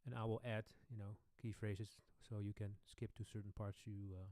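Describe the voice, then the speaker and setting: A man hosting a casual live-stream Q&A, chatting with viewers in slightly non-native English and often trailing off softly. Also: lowish voice, little pitch movement, normal speed, no echo. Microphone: studio microphone.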